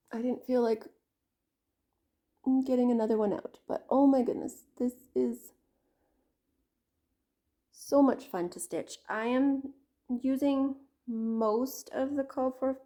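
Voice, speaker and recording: A woman's voice: on the high side, dark tone. A middle-aged woman from Canada talks casually to her viewers in a rambling, chatty way. She keeps interrupting herself with fillers and little asides. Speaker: craft vlogger. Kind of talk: casual chat to camera.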